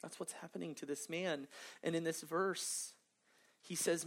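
Woman preacher, fairly low voice, earnest, emphatic, light humorous asides. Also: steady tone, measured pace. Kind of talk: sermon.

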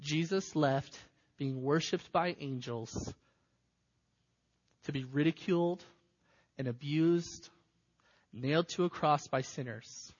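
A man preaching a sermon with dramatic delivery, moving between loud cries and hushed, near-whispered passages. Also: a little high, takes it slowly, pauses often. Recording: dull sound in a reverberant hall.

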